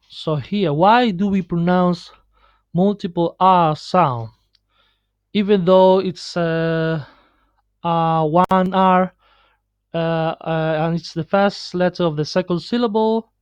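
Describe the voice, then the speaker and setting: A man teaching pronunciation on a screen recording, explaining slowly with many pauses and fillers. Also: a little high, a little mellow, no room sound. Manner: slow, halting explanation with many fillers and restarts. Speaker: Spanish teacher. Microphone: computer mic on a screen recording. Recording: dull lo-fi screencast audio.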